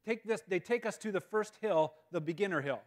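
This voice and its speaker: Guy telling a funny story at a school assembly, high-ish voice, lots of repeated words. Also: fairly quick. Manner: animated, self-mocking, repeats words. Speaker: guest speaker. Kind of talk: humorous storytelling talk. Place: school auditorium. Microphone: live-stream mic.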